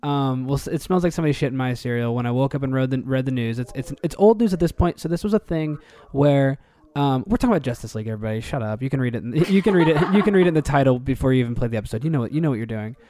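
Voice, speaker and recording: A man co-hosting a podcast in casual chat, animated and rambling, laughing often. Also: mid-range voice, very fast. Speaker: podcast co-host.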